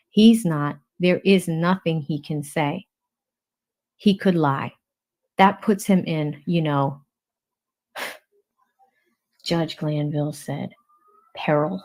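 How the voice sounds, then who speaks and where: A woman hosting a livestream, reading court transcripts aloud and naming each speaker before their lines. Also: low-pitched.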